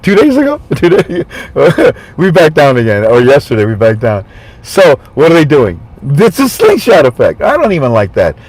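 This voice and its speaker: Brief: rambling commentary man, lively pitch swings, husky tone. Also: moderate pace, no room sound. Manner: animated, rambling, jumps between mock quotes and asides. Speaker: commentary vlogger.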